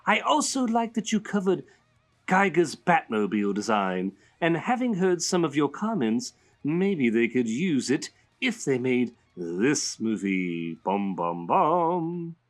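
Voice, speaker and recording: A man's voice: fairly high pitch, sing-song, takes it slowly. A man putting on a Joker voice to read out a listener's letter, theatrical and sing-song. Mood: playful. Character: man doing a Joker voice reading a fan letter. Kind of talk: reading a listener letter aloud.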